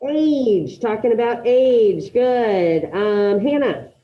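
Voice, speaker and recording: A woman's voice: fairly high pitch, expressive, slow pace. Upbeat woman teacher calling on students. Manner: encouraging, calls on students by name. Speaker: high school Spanish teacher. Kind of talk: online class teaching. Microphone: video call. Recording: dull lo-fi video call audio.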